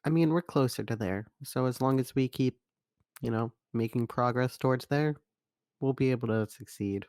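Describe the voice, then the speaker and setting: A man voicing his tabletop character in an earnest, hesitant way, often breaking off and restarting. His voice is mid-pitched. The sound is dry and close, with no room echo. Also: normal speed, darkish tone. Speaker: player. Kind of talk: in-character tabletop role-play.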